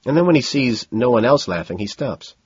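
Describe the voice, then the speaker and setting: A man narrating an audiobook in the first person, deadpan and detached, on a dull lo-fi recording. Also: medium pitch, a little fast, husky.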